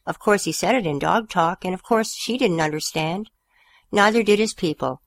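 A woman hosts a small radio show and reads a children's story aloud. Her voice sits low but swings widely as she tells it, and the sound is close and dry. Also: moderate pace, dry recording. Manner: expressive storyteller, gentle and warm. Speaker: radio host reading stories. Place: community radio studio.

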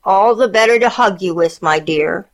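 A woman's voice: mid-range voice, normal speed, lightly acted. Woman doing a sly, sweet-talking wolf. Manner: falsely pleasant, coaxing. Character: sly hungry male wolf feigning sweetness.

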